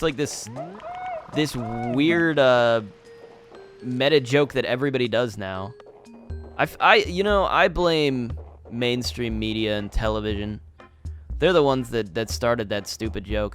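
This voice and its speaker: A young man chats loosely while he plays a game, with his voice at an ordinary middle pitch. He rambles and restarts his sentences, often breaking into laughter. Faint game music plays behind him. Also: fairly bright tone. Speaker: gaming channel host. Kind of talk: casual commentary over gameplay.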